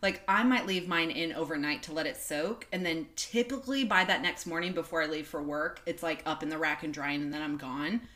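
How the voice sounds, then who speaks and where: A woman's voice: sits low, fairly quick, hardly any pauses, a bit bright. A woman co-hosting a podcast in casual chat, talking with lots of fillers and laughing easily. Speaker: podcast co-host. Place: in person with co-host.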